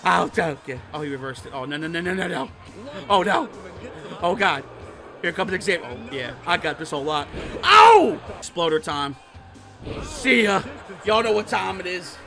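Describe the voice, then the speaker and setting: Excitable man yelling over wrestling gameplay. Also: a little high, normal speed, soft background music. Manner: excitable, profane, trash-talking, bursts into shouts. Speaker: gaming YouTuber. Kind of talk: live gameplay commentary.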